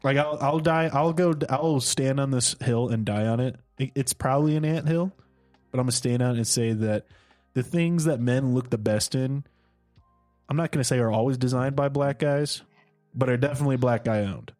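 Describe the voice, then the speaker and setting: A man's voice: mid-range voice, moderate pace, a little mellow, no echo, faint music behind. A man co-hosting a casual comedy podcast, riffing on jokes and laughing often. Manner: joking, laughs often, riffs on ideas. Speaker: podcast co-host.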